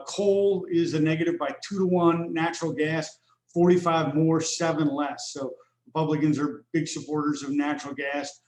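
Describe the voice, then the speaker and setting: A man's voice: on the high side, darkish tone, slight background noise. A man presenting survey results on a video call webinar, walking through figures steadily with frequent fillers. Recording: roomy echo.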